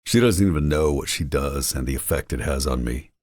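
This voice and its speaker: Very deep-voiced man, brooding narration. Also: fairly quick, a little mellow, no room sound, studio quality. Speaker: audiobook narrator. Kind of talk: first-person romance narration.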